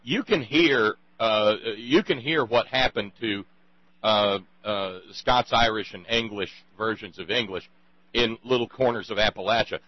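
A man's voice: on the low side, unhurried, dry recording, dull audio. A man hosting a talk conversation, rambling and emphatic, with many restarts. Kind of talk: casual radio conversation.

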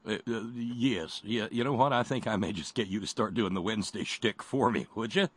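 A man hosting a casual call-in talk show, speaking haltingly with many restarts and pauses. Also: on the low side, slightly rough. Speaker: radio talk host.

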